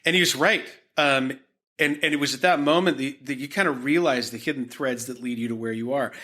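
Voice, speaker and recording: A man's voice: medium pitch, brisk, sharp tone. A man from Utah, an art historian and art dealer, telling anecdotes in a podcast interview with frequent restarts and fillers. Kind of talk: conversational storytelling.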